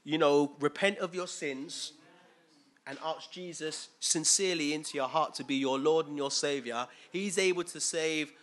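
A man's voice: fairly high pitch, moderate pace, a bit bright. A man giving an informal, conversational sermon, often asking his listeners questions. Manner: conversational, asks listeners questions, acts out quoted voices. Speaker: preacher.

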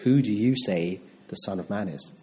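A man's voice: lowish voice, moderate pace, darkish tone, a little hiss or hum. A man preaching a sermon in a conversational style, often restarting phrases and asking rhetorical questions.

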